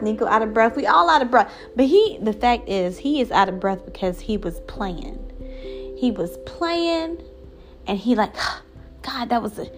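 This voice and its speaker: A young woman vlogger telling a rambling story in a casual, profane, animated way. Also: medium pitch.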